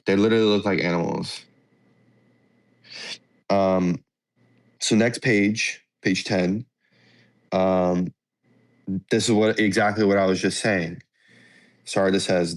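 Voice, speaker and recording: A man's voice: on the low side, unhurried, pauses often. A man co-hosting a podcast, casually recapping a manga chapter page by page. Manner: easygoing, page-by-page recap with fillers. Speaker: podcast co-host. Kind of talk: casual chat walking through a manga chapter.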